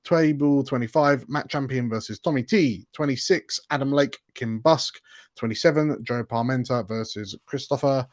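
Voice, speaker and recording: Brief: a man at mid pitch reading out pairings in an even rhythm, dull and dry recording. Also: moderate pace, dry recording. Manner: steady list reading. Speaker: guest reading the tournament draw. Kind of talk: reading out a list of names.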